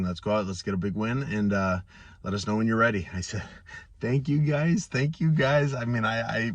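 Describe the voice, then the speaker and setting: Low-ish guy in his 30s telling a story, lots of restarts, dry and a little far from the mic. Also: dry recording. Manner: halting, many restarts and fillers, excitable when telling good news. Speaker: pro fighter vlogger. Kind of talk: casual storytelling to camera.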